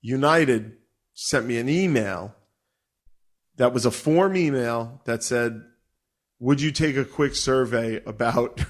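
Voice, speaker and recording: A middle-aged man telling a story in a casual, profane and animated way, laughing as he goes. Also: medium pitch, takes it slowly, pauses often. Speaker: podcast co-host.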